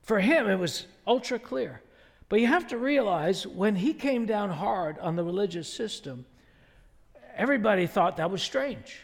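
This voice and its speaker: High-voiced man preaching in a reverberant hall. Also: animated, normal speed, creaky. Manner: conversational, emphatic, rhetorical questions. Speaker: pastor. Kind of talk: sermon.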